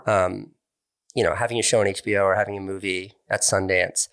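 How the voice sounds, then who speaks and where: A man's voice: low-pitched, little pitch movement, fairly quick, fairly bright tone, smooth. A middle-aged man speaking as an interview guest, candid and thoughtful, often restarting his words as he reflects. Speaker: interview guest, online video creator.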